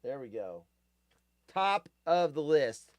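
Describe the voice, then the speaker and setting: A man's voice: fairly high pitch, sing-song, takes it slowly, heavy background noise. A man hosting a casual live stream, grumpy and profane, ranting and rambling.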